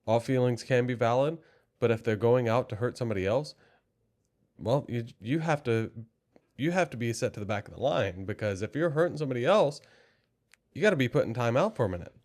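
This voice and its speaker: A man co-hosting a podcast, calmly explaining his side to his partner. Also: mid-range voice, brisk. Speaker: podcast co-host. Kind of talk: candid couple conversation.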